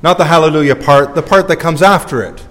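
A man's voice: on the high side, fast, fairly bright tone, long reverb tail. A male priest preaching a sermon in a conversational, self-deprecating way, recorded in a church.

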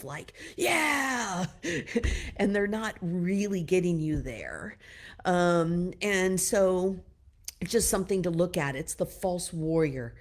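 A woman giving a casual teaching talk, loose and chatty, full of "you know" and "like", giving gentle direct advice to her listeners. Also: fairly low pitch. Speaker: wellness teacher.

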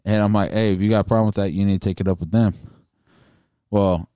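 Brief: young male podcast co-host, low smooth voice, dry close sound, rambling and profane. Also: fairly even intonation, fast talker, mellow, no room sound. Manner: rambling, swears freely, many restarts. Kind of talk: casual chat.

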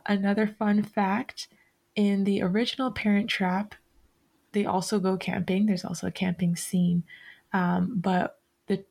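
Slow, rambling woman podcast host. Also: mid-range voice, darkish tone. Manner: rambling, self-correcting, many fillers. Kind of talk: casual chat.

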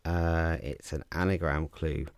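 A man casually explaining crossword clues as a podcast host, relaxed and chatty with frequent ums and restarts. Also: extremely low pitch, a little slow, clear, resonant tone, no echo, clean studio sound.

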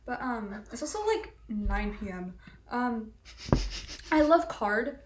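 Young female co-host, casual and gushing, slightly high voice, echoey room. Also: animated, slow, a little hiss or hum. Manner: chatty, filler-heavy, talks about music fandom with enthusiasm. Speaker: podcast co-host. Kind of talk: casual chat.

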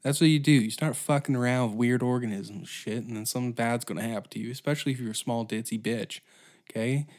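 A man's voice: mid-range voice, fast, darkish tone. A man hosting a solo comedy podcast, ranting in a crude, profane, rambling way. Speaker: podcast host.

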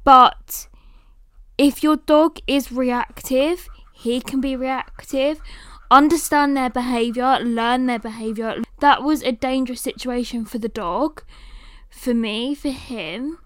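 A woman hosting a podcast, telling a story in a lively, animated way and sometimes cooing at her dog. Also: sits high, slow pace, no room sound, studio quality. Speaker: podcast host.

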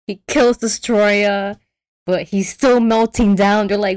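A woman's voice: medium pitch, steady tone, takes it slowly, a little mellow, smooth, no room sound, studio quality. A woman in casual chat, retelling a film plot with lots of energy, acting out the characters' lines and swearing freely.

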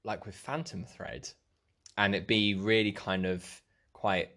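A man's voice: lowish voice, fairly even intonation, measured pace, a bit bright. A man in a casual comedy chat who cuts in to steer the game.

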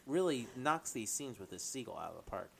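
A man's voice: mid-range voice, very animated, brisk, creaky, slight background noise. A man chatting casually as a podcast co-host, laughing often and trailing off with fillers. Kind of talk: casual chat.

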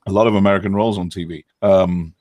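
Brief: middle-aged British male actor, lowish voice, dry close recording, relaxed explainer. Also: fast talker, no room sound. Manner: chatty, explanatory, self-deprecating with frequent ums. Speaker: actor and former acting coach. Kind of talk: interview answers.

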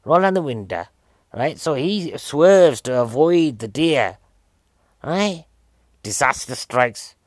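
A man's voice: a little high, lively intonation, takes it slowly, no room sound, clean studio sound. A man, rambling jokily as a podcast host reviewing a film and poking fun at himself. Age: 40s. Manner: rambling, jokey, self-mocking. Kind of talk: casual film review chat.

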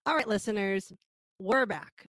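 A woman's voice: medium pitch, a little slow, fairly bright tone, no echo, soft background music. A woman hosting a mock true-crime podcast, chatty, with stumbling phrasing and frequent giggles. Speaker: host.

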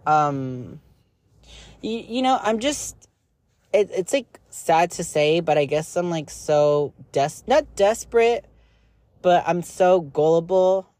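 A woman's voice: fairly low pitch, lively intonation, slow, mellow, dry recording. A young woman talking candidly in a personal vlog, rambling and blunt, with lots of filler words and an emotional, confessional manner. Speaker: vlogger.

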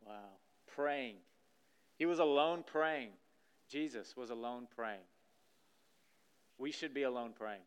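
A man preaching a sermon in a church, acting out scripture scenes with lively energy. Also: medium pitch, takes it slowly, pauses often, clean tone. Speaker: pastor. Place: church sanctuary stage.

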